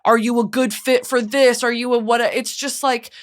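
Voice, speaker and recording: A woman's voice: on the high side, level tone, moderate pace. A woman in her twenties hosting her podcast alone, talking earnestly and emotionally about being burnt out. She swears freely and fills her talk with "like". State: burnt out, close to tears. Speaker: podcast host. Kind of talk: candid solo podcast monologue.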